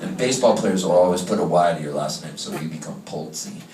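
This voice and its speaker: A touring singer-songwriter man telling a comic story on stage in an animated, quick-witted way, recorded live in a club with a distant mic. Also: low-pitched, background noise. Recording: echoey live room, distant mic, loud guitar.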